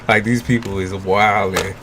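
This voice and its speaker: A man's voice: on the low side, steady tone, moderate pace, noisy background. A man giving a tarot reading on a livestream in casual chat with viewers, loose, joking and profane, blunt with his advice and laughing often. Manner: blunt, gives frank advice.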